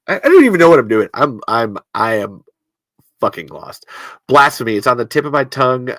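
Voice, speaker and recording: A man's voice: mid-range voice, sing-song, a little fast, fairly bright tone, dry recording. A man from the American Midwest hosting a podcast livestream in casual chat, rambling, interrupting himself and swearing as he goes. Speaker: podcast host.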